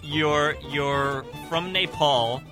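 A man hosting a college radio comedy show, bantering in a dry, deadpan way. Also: on the high side, extremely slow, over music.

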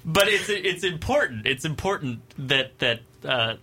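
A man's voice: on the high side, expressive, a little slow, sharp tone, breathy edge. A man hosting a comedy radio show, bantering playfully and often laughing. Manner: playful, giggly, prone to sudden screams. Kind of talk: casual banter.

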